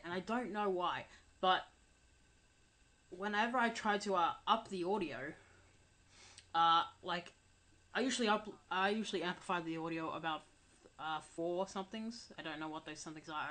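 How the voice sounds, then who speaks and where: A woman's voice: low-pitched, a bit bright. A young woman giving a casual audio commentary, mumbling and hesitant as she recovers from being sick. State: recovering from illness. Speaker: channel host. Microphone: home desk microphone.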